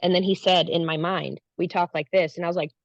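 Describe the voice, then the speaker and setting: A woman's voice: on the low side, steady tone, a little fast, no room sound. A woman guest telling an earnest personal story in a casual way, acting out the things she said at the time. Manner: earnest, acts out her own past lines. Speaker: guest recounting a spiritual experience. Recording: dull lo-fi, dry sound.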